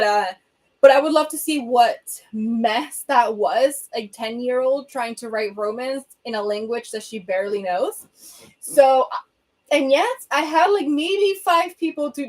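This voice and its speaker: Speaking in a fairly high pitch, a young woman livestreams from a home room with a bookshelf, replying to viewer comments in casual chat. She wanders from thought to thought, humming in between, picked up by her laptop's built-in webcam mic.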